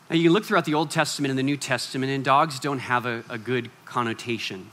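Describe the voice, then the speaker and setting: Bright-voiced, animated male preacher. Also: mid-range voice, fast talker, few pauses, a little hiss or hum. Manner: animated, swings from loud to hushed, acts out quoted voices. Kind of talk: sermon.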